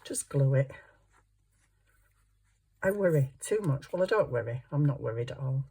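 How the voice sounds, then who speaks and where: Chatty grandmother with a low voice. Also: animated, moderate pace, mellow, husky. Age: older. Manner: chatty, giggly, rambling. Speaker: craft vlogger. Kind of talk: casual chat while crafting.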